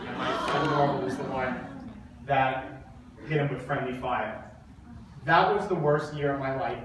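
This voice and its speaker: A man speaking to an audience and telling an emotional personal story, halting and repeating words while holding back tears. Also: a little high, a bit bright, slight background noise. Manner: halting, repeats words, acts out quoted dialogue. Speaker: speaker at a coaching event. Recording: very echoey hall, mic far off.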